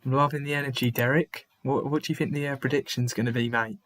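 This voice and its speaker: A man's voice: mid-range voice, steady tone, fast, a bit bright, a little hiss or hum. A man hosting a live football watchalong stream, chatting to viewers in the chat by name, sighing often and restarting his phrases. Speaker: livestream host. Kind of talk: live match watchalong commentary.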